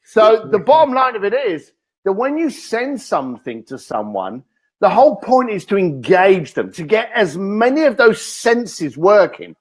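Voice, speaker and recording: A man, a guest author in an interview, telling energetic stories and acting out the lines he quotes. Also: high voice, measured pace, slightly rough. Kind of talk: animated interview talk.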